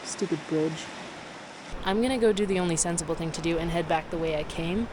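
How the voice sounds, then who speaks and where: A woman's voice: fairly low pitch, fast talker. A tired woman narrating her solo cycling trip to camera, candid and reflective as she talks through her problems. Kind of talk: casual vlog narration to camera. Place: outdoors on a windy gravel road. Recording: outdoor wind noise on the mic. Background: wind and outdoor noise.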